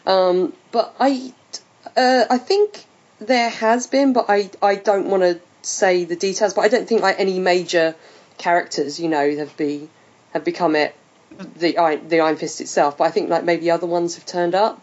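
A woman hosting a casual podcast chat, chatty and quick to laugh, thinking aloud with fillers. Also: fairly low pitch, fairly even intonation, a little mellow. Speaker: podcast host. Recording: muffled lo-fi podcast audio.

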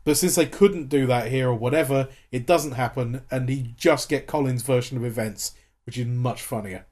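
Casual talk about a TV series comes from a podcast co-host, a man in his thirties whose mid-range voice sounds a little mellow. He keeps a moderate pace and chats enthusiastically, full of fillers and restarts.

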